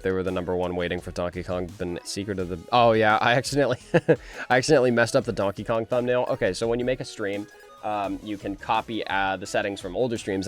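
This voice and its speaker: A young man doing casual reaction commentary, rambling and jumpy, often laughing and breaking into high shrieks of surprise. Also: a bit bright. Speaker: animator and video host.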